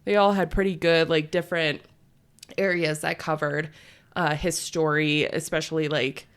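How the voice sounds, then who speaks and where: A woman co-hosting a podcast, walking through a myth in loose, chatty talk. Her voice sits a little low, and she leans on fillers and breaks into laughter easily. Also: little pitch movement, moderate pace, smooth. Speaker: podcast co-host. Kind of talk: casual chat retelling a myth.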